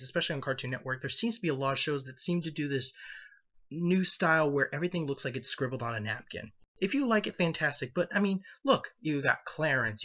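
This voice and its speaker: A man talks through his opinions in a loose, rambling way, stopping to restart his sentences. His voice sounds bright and forward. The recording is dull and lo-fi. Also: mid-range voice. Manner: rambling, animated, self-correcting. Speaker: video commentator. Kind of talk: casual opinion commentary.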